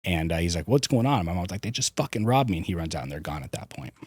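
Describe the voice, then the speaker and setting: A man's voice: low voice, lively intonation, racing, darkish tone, slightly rough, no room sound. A man, a podcast guest, candidly recounting his childhood, swearing freely and restarting his sentences. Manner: frank, swears, hesitant restarts. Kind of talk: candid personal storytelling.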